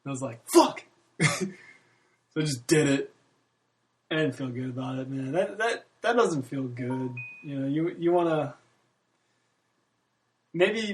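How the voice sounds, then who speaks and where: A man in his early thirties, rambling candidly in a casual monologue, swearing freely and laughing often. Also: a little high. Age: 30s. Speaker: podcast host.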